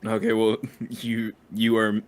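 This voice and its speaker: A young man co-hosting a casual podcast, giggly and quick to crack up. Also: on the low side. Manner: giggly, animated, cracks up often. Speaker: podcast co-host. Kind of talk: casual chat.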